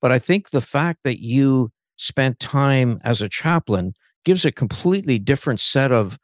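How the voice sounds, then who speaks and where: A man hosting an interview, asking long questions with halting restarts. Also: medium pitch, animated, dry recording, studio quality. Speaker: interview host.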